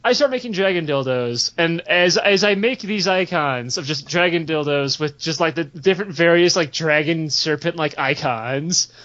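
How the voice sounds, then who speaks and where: A man's voice: on the high side, normal speed, hardly any pauses, a bit bright. A young man telling a long, profane gaming story in casual podcast chat, rambling and giggling as he goes. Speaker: podcast host. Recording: dull lo-fi podcast audio.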